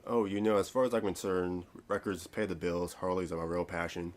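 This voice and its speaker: A man's voice: sits low, level tone, fairly quick, close to an everyday voice. A man reading the lines of a jovial middle-aged biker who runs a record store, with a French accent.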